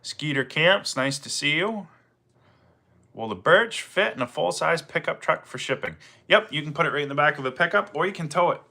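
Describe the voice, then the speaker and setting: A middle-aged man with a Maine accent, hosting a relaxed livestream, greeting viewers by name and chatting with plenty of fillers. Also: on the high side, normal speed, creaky. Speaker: livestream host, firewood seller. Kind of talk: casual livestream chat reading viewer comments.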